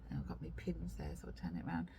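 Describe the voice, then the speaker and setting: A woman's voice: a bass voice, big pitch swings, quick pace, vocal fry, mellow, a little hiss or hum. A woman hosting a knitting video podcast, chatting casually and rambling to camera with lots of ums and self-deprecating asides, sometimes stepping back from the mic.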